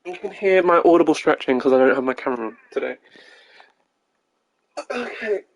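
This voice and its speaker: A man's voice: mid-range voice, animated, brisk, gravelly, muffled recording. A man live-streaming gameplay, chatting to his viewers in a giggly, self-mocking way.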